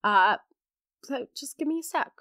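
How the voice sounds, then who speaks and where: A young woman hosting a podcast, chatting excitedly about books in a casual, gushing way, her voice hoarse from laryngitis. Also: sits high, measured pace, dry recording, studio quality. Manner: gushing, animated, acts out characters in quotes. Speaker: podcast host. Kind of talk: casual book chat.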